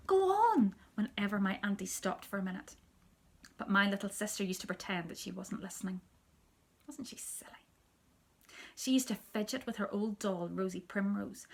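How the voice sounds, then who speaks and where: Teacher reading to children, soft and hushed, husky with a gravelly edge. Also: female voice, mid-range voice, fairly even intonation, moderate pace. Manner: soft, hushed storytelling, often near a whisper. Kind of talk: reading a children's story aloud.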